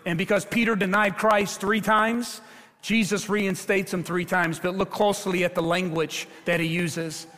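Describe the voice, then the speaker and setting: A man preaching a sermon as pastor of his church, speaking with passion and rising louder at the high points. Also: little pitch movement, moderate pace. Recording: long hall reverb.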